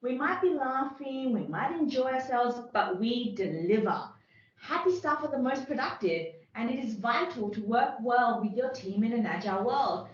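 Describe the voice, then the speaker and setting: A woman's voice: a little high, animated, moderate pace, close to an everyday voice. A woman playing a defensive agile team lead who explains her team's methods firmly, in an amateur workplace role-play over a video call. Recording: very echoey, distant mic, dull lo-fi sound.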